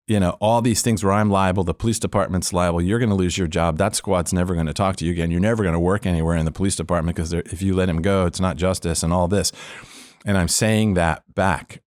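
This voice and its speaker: Man, deep voice, dry close sound, podcast guest, former police officer, lively storyteller, laughs along the way. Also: fast, no room sound. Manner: animated storyteller who acts out the people he quotes; laughs often while telling. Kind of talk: storytelling interview.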